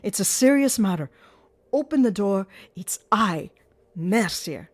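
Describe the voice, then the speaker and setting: A breathless male opera official bursting in with bad news, as a woman reader puts him on, urgent and raised. The low-leaning voice is dry and close. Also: sing-song, moderate pace, dry recording.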